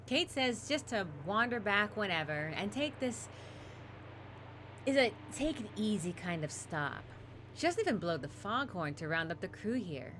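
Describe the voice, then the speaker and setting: Woman streamer reading out a game, bright voice, really lively, a little low. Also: slight background noise. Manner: reads the game text aloud with offhand asides. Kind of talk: casual game stream narration.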